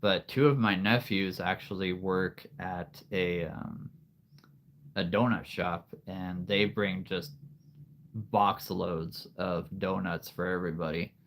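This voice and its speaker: A man's voice: low-pitched, steady tone, slow pace, fairly bright tone, slight background noise. A man hosting a casual livestream, rambling to his viewers with many fillers and frequent laughs. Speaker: livestream host.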